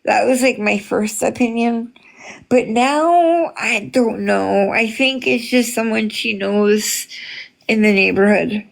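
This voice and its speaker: A woman in a casual livestream chat, talking to her viewers at an unhurried, drawn-out pace. Her voice sits a little high and has a gravelly edge. She greets people by name and fills her pauses with ums. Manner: chatty, greets viewers by name, many fillers. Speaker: livestream host reading chat.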